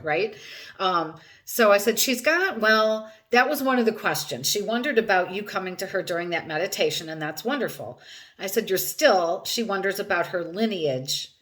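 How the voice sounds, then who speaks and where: A woman's voice: mid-range voice, moderate pace, fairly bright tone. Woman retelling a hypnosis session. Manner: retells dialogue with many "I said, she said". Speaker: hypnosis practitioner. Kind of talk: recounting a session.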